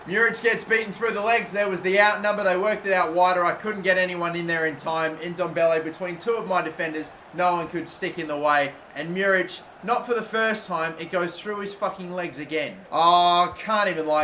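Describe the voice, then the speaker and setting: A young man from Australia commentating his own football video game, swearing constantly and erupting into shouts when a play goes wrong. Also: high voice, slight background noise. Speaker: gaming YouTuber. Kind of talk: live gameplay commentary.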